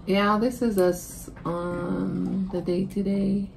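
A woman's voice: medium pitch, little pitch movement, slow pace, gravelly, darkish tone, a little hiss or hum. A woman co-hosting a casual family food vlog, chatting easily and laughing often. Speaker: vlog co-host. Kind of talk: casual chat.

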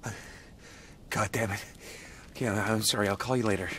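An actor playing a troubled man who talks gently to his dog and stammers when shaken. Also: lowish voice, steady tone, fairly quick, a little hiss or hum, close to an everyday voice. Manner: hesitant, stammering.

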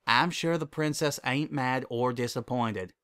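A man voicing a steady, plain-spoken country farm mare who talks in a drawling, folksy way. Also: mid-range voice, measured pace, clear, resonant tone, no room sound, clean studio sound, natural voice. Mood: earnest.

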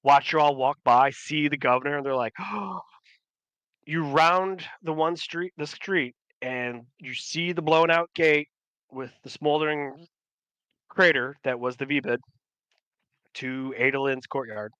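A man's voice: fairly high pitch, measured pace, a bit bright, clean tone, no echo. A man narrating a tabletop game as game master, rambling with many fillers and restarts.

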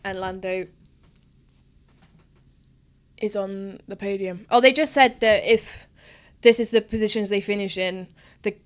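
A woman's voice: mid-range voice, steady tone, normal speed. A young woman giving a live, emotional, chatty reaction commentary while watching a race.

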